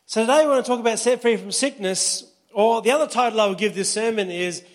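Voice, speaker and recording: A man preaches to his congregation in an easygoing, conversational sermon, often pausing to check that his listeners follow. His voice sits notably high for a man. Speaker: pastor.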